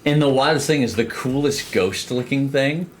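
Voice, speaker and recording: A man co-hosting a podcast in casual chat, profane and animated, slipping into voices when he quotes people. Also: medium pitch, normal speed, a little hiss or hum. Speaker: podcast co-host.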